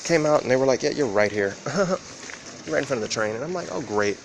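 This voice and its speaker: A man vlogging in a rambling, profane monologue, acting out quoted exchanges with sudden jumps in pitch. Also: lively intonation, quick pace, vocal fry, background noise. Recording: loud background ambience.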